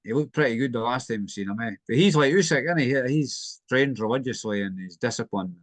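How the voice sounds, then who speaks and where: A man's voice: mid-range voice, animated, a little fast, dry recording. A man, rambling through boxing memories in a casual podcast chat, often ending lines with a question. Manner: rambling, questioning tag ends.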